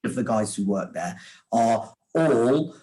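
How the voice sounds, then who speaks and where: A man's voice: on the low side, rough recording. A man, an author and sandwich shop owner, telling stories in casual chat with restarts and frequent laughter over a video call. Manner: animated, laughing, quick restarts.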